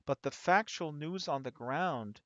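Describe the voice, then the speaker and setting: A man hosting a casual chat, telling rambling, animated stories with many restarts. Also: fairly high pitch, a little slow, no echo. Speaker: host. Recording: dull lo-fi dry audio.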